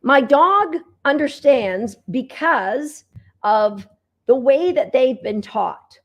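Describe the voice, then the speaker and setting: A woman's voice: sits high, lively intonation, takes it slowly, lo-fi sound. A woman dog trainer giving an upbeat online lesson from home, talking to her dogs as she teaches.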